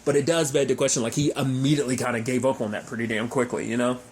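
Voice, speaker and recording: A man casually recapping a TV episode, rambling and animated, with frequent fillers and restarts. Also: mid-range voice, fast. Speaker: TV show recapper.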